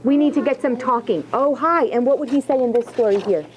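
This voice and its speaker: A woman's voice: fairly high pitch, fairly quick, rough recording. A woman teacher leading a writing lesson, asking question after question and encouraging her students. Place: classroom.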